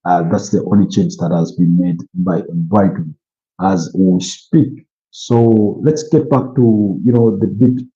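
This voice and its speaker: A man's voice: sits low, slow pace, mellow. A tired, yawning man from Uganda hosting a football watch-along, rambling with lots of "you know" fillers. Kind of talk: casual live commentary and opinion. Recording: muffled lo-fi stream audio.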